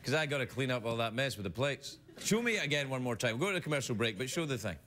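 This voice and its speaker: A man's voice: mid-range voice, big pitch swings, fast talker. A male talk show host doing a playful late-night comedy bit, laughing through his lines with goofy asides. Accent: Scottish. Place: TV studio with live audience. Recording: loud studio audience noise.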